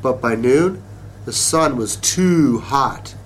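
A man reading a children's story aloud in a slow, expressive way. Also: mid-range voice, slight background noise.

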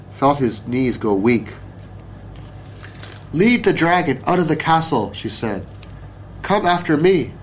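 Slow-reading male storyteller. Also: mid-range voice, a little hiss or hum. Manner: slow, deliberate. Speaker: narrator. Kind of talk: children's story read aloud.

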